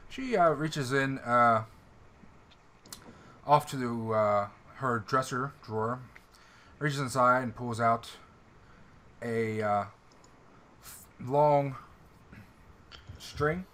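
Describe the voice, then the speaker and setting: A man narrating a tabletop game as game master, descriptive and halting, with fillers and throat clearing. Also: medium pitch, a bit bright.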